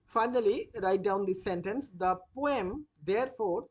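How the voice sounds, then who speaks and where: A literature teacher dictates notes for students at a deliberately slow pace. Each phrase is repeated, and key words are spelled out one letter at a time. While explaining, the teacher pauses often with "uh". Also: medium pitch. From India. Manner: frequent "uh" fillers when explaining. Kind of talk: dictated lesson.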